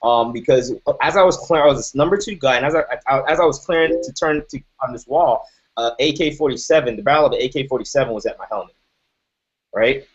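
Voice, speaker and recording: A man's voice: mid-range voice, quick pace, husky. Emphatic man, dull lo-fi recording. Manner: emphatic, keeps asking "right?". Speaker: motivational speaker. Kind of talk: motivational talk.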